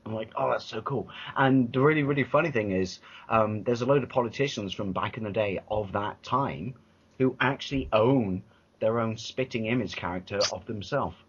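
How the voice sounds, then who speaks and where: An English man co-hosting a casual podcast chat, telling rambling animated stories with lots of restarts and swearing. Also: lowish voice, normal speed, husky. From England. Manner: rambling, animated storytelling with many restarts and profanity. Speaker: podcast co-host. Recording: dull lo-fi podcast audio.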